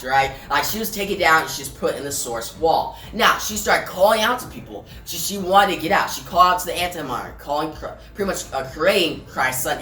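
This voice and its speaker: A woman's voice: sits low, bright, forceful tone. A woman casually reviewing a comic book, chatty, often repeating words and asking viewers for thoughts. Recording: roomy and distant, faint music.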